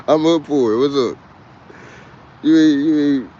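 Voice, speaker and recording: A man's voice: a little high, unhurried, dark tone, lo-fi sound, slight background noise. A man with a Texas twang, chatting in a rambling, boisterous and profane way on a casual livestream. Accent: Texan. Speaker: livestream host.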